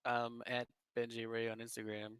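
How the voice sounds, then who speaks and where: A man's voice: medium pitch, completely flat delivery, moderate pace, a bit bright, smooth, dry recording. A man playing a tabletop game, chatting casually with friends, rambling and joking as he talks. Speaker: player. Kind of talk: casual chat among friends.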